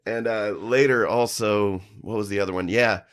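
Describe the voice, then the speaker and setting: Man, lowish voice, animated storyteller, swears freely, acts out the people he quotes. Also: moderate pace, clean tone. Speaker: podcast guest, musician. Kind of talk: casual storytelling chat. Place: live-streamed studio.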